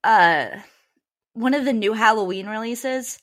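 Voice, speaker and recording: A young woman co-hosting a podcast, chatting casually and enthusiastically with quick asides. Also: on the high side, fairly bright tone. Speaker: podcast co-host. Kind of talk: casual chat.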